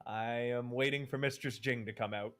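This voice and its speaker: A man's voice: medium pitch, steady tone, moderate pace, a bit bright, clear, resonant tone, faint music behind. A man narrating as game master for a tabletop game, playfully voicing the characters.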